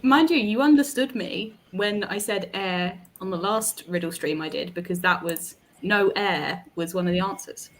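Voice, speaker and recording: A woman's voice: medium pitch, moderate pace, hardly any pauses. Laughing British woman, thinking aloud. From Britain. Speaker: guest guessing riddles. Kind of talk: casual chat.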